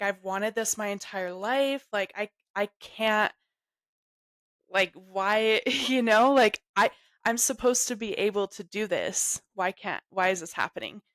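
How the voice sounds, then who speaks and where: A young adult woman telling a personal story in an interview, halting and emotional, full of "like". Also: medium pitch, fairly bright tone, no room sound. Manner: halting, emotional, heavy use of "like". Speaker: guest sharing her story.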